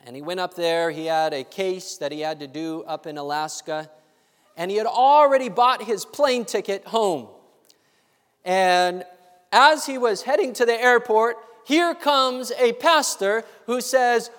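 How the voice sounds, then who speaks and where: High-voiced preacher in an echoing hall. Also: male voice, unhurried, clear, resonant tone. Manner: animated, acts out voices in the story. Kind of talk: sermon storytelling. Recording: long hall reverb.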